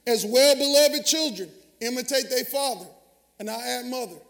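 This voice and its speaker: A man preaches in a large church sanctuary, his voice sitting unusually high for a man. He trades lines with the congregation in a lively, conversational way. Long reverb from the hall trails each phrase. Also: normal speed, vocal fry. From Southern US. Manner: call-and-response preaching, animated and conversational. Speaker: pastor. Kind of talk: sermon.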